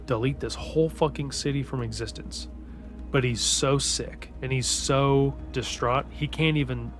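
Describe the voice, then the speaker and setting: Excitable, foul-mouthed man recapping a story. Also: mid-range voice. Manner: profane, excitable, rambling with restarts. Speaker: book recap host. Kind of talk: casual spoiler-heavy story recap.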